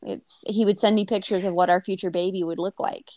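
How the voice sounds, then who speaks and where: A woman's voice: mid-range voice, steady tone, brisk, darkish tone, no echo. A woman in her thirties telling a personal story on a podcast, candid and emotional, with many fillers and restarts. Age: 30s. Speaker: podcast host.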